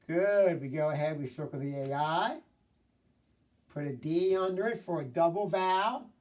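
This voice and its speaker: A fairly high-voiced man leads a recorded phonics lesson. He prompts young learners, praises their answers and sounds out words slowly. His voice sits a little back from the mic. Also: a little mellow, far from the mic. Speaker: phonics teacher.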